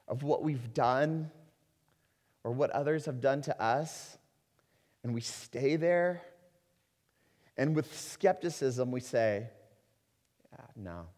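A man preaching a sermon as a pastor, earnest, rising to loud emphasis and dropping to slow, quiet stretches. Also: mid-range voice. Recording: long hall reverb.

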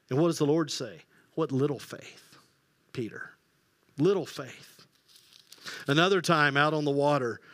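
A man preaching a sermon as pastor, telling the story with lively acted-out quotes and hushed quiet passages. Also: high voice, no echo, studio quality. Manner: animated storytelling, acting out quoted voices, dropping to hushed tones.

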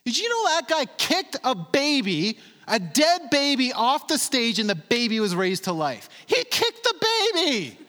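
A man delivers a sermon in a high, lively voice that swoops up and down. He leans hard on key words and draws them out slowly. His voice rings with the long reverb of a large hall. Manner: emphatic, stretches words slowly for emphasis. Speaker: preacher.

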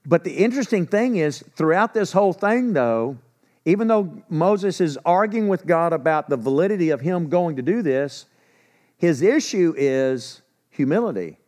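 Male preacher, high-pitched, loose and animated, acts out scenes. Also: moderate pace. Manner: casual, animated retelling with acted-out dialogue. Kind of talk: sermon.

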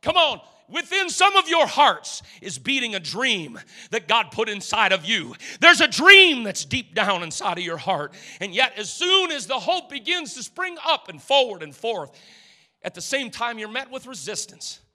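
Male preacher, high-voiced, fervent exhorter, church pulpit energy, punchy delivery; needs a piercing, bright tone. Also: very animated, normal speed, big-room sound. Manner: fervent, exhorting, calls out to the congregation. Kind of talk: energetic sermon.

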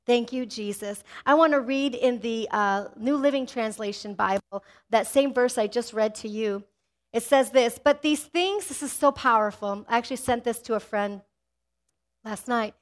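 A woman pastor preaching with a high, bright-pitched voice. She is energetic and tells personal stories. She keeps asking her listeners "amen?" as she goes. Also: moderate pace. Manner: energetic, asks the congregation "amen?"; personal storytelling. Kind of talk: sermon.

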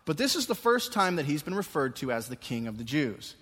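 A male pastor preaching an expository sermon, moving between quiet, conversational asides and raised, emphatic passages. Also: fairly high pitch, very animated, brisk, slightly rough. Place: church sanctuary during a service. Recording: long reverb of a church sanctuary.

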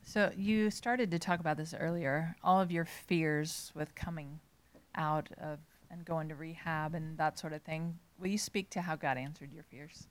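A woman with a very low voice asks a calm, measured question from the audience. A faint hiss sits under her voice. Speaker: audience member asking a question.

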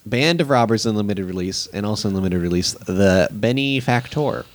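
A man's voice: lowish voice, normal speed, no room sound. A man hosting a casual podcast, joking with his co-hosts and reading out plugs and segment cues. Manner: relaxed, jokey, reads plugs and segment cues. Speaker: podcast host.

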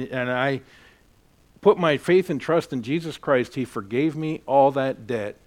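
A man's voice: medium pitch, a little slow. A man preaching a sermon as a pastor, earnest and emphatic as he tells a personal story.

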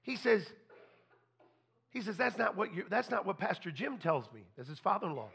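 Gravelly high-voiced preacher. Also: male voice, big pitch swings, normal speed, fairly bright tone. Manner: folksy, repeats and restarts, quotes people in dialogue. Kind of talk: storytelling sermon.

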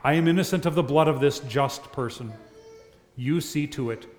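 A man's voice: a little high, moderate pace, in a large hall, faint music behind, close to an everyday voice. A man reading as a troubled Roman governor. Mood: solemn.

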